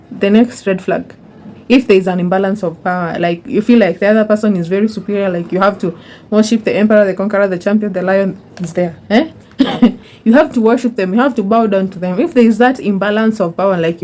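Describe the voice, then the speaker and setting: A young woman talks straight to her viewers in a chatty advice vlog. Her voice is mellow and warm at a middle pitch. She repeats words for emphasis and calls her listeners honey. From Kenya. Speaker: YouTuber. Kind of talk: casual advice monologue.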